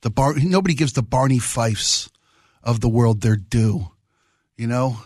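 A middle-aged man talks on the radio in a loose, rambling way, piling up half-finished thoughts with real enthusiasm. His voice has a slightly husky edge. It is close-miked and dry, with no room sound. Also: medium pitch, a little slow, darkish tone, dry recording. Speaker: radio host. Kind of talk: casual radio chat. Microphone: studio microphone.

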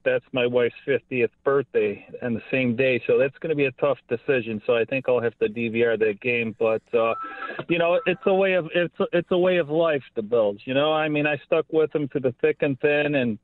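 A caller in his fifties from Buffalo phones into a radio show, speaking earnestly but rambling, with plenty of "you know." His mid-range voice comes through a tinny, dry phone line without echo.

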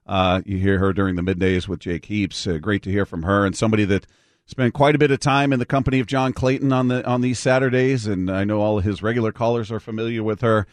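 A man hosting a call-in radio show, his voice sitting on the low side. He talks reflectively, with many small restarts, into a dry studio mic with no room echo. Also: fairly even intonation, fast. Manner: warm repetitive restarts, reflective. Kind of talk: call-in radio tribute chat.

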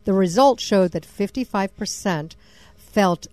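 A woman's voice: mid-range voice, a little slow, darkish tone, no room sound. Chatty female co-host, dry studio sound. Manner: chatty, reads out figures with laughs. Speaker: radio show co-host. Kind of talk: casual radio talk.

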